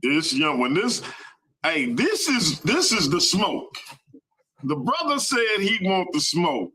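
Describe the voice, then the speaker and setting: A man hosting a livestream, talking slowly and sounding incredulous. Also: high-pitched, wildly swooping pitch, sharp tone, husky, poor audio. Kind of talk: live stream talk.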